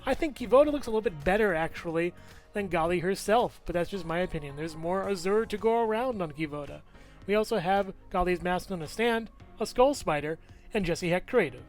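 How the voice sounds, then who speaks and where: A man's voice: high voice, expressive, a little fast, soft background music. A man giving a casual, upbeat toy review, chatting as he handles the figure and points out its parts.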